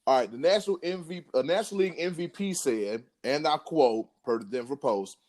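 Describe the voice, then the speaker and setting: A man's voice: on the high side, darkish tone. A man co-hosting a sports podcast, joking along and chiming in. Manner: playful, quick to laugh and chime in. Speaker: podcast co-host. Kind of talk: casual sports chat.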